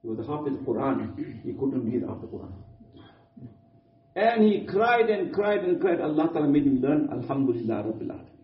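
High-voiced earnest preacher, echoey and distant. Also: male voice, very animated, moderate pace. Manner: earnest, repetitive, non-native English phrasing with Arabic religious terms. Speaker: Islamic preacher. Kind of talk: sermon. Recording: distant, dull, echoey room.

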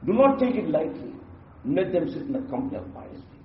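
A man's voice: on the high side, very animated, quick pace. A man giving a sermon and telling stories, his delivery rising and dropping suddenly. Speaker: preacher. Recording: distant, echoey, muffled.

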